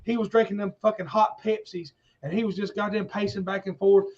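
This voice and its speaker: A man's voice: high-pitched, brisk. A man on a livestream call telling a rambling story, swearing constantly and acting out what others said. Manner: animated, swears constantly, acts out quotes. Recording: muffled lo-fi stream audio.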